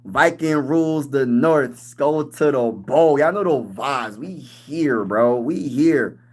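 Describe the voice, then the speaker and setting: Male livestream host, excitable fan energy, banters with chat, average pitch. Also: slow pace. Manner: hyped, animated, reading and answering chat; trash-talking sports fan.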